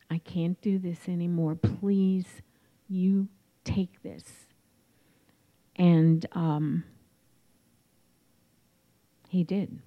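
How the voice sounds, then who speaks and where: A woman in her forties telling her recovery story in a candid, reflective way, with many pauses and fillers. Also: fairly low pitch, mellow. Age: 40s. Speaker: recovery meeting speaker. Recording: dull lo-fi recording.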